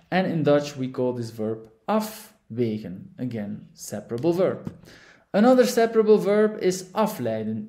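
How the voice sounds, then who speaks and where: A man's voice: a little high, mellow, echoey room. A man teaching a vocabulary lesson, stressing each word and checking in with "all right?". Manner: emphatic, drills words with frequent "all right?" checks. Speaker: language teacher.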